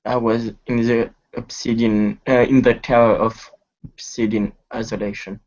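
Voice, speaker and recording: A man voicing a socially rusty darkling loner who speaks in few, halting words. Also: mid-range voice, little pitch movement, a little mellow, dull audio, natural voice.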